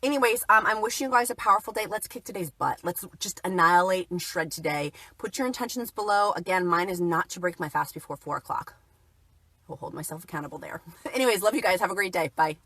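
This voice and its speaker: A chatty, upbeat woman talks straight to her viewers in a loose, casual livestream manner. Her voice sits fairly low for a woman. The sound is dry and close, with almost no room echo. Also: quick pace, a bit bright. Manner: chatty, upbeat, reads viewer comments aloud. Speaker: keto vlogger.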